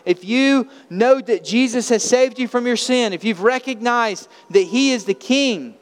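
A man's voice: very high-pitched, measured pace. A man preaching a sermon as pastor, earnest and emphatic, asking his congregation rhetorical questions. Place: church sanctuary. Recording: long hall reverb in a church.

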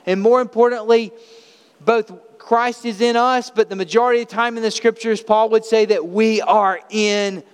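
A male pastor delivers an emphatic sermon full of rhetorical questions. His voice sits high and rings clear. It carries the long reverb of a church hall. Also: steady tone, moderate pace. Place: church sanctuary.

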